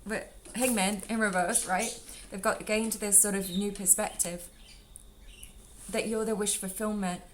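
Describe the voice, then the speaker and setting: A woman's voice: medium pitch, fairly even intonation, a little slow, a little hiss or hum. A woman doing a casual tarot reading for viewers, rambling and affectionate, calling them sweetheart and darling. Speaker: tarot reader. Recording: faint drum music underneath. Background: faint drum music.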